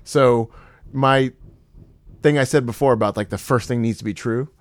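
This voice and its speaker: A man co-hosting a podcast in casual chat, thinking aloud in halting phrases and laughing often. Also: medium pitch, no echo. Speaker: podcast co-host.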